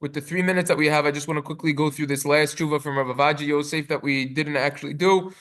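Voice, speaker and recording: Rabbi teaching a class, fairly high voice, fast pace, reads Hebrew sources then translates, lots of fillers. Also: male voice, steady tone, a bit bright. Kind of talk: halachic lecture.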